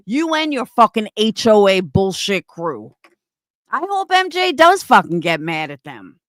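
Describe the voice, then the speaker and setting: A woman's voice: medium pitch, very animated, unhurried, dry recording. A woman hosting a livestream, ranting angrily and swearing constantly as she answers her chat, often repeating herself. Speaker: livestream host reading chat. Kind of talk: angry livestream rant.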